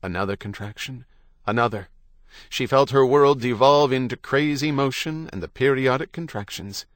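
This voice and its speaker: A man's voice: medium pitch, moderate pace, no room sound. Male audiobook narrator, dry close sound. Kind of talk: scripted narration.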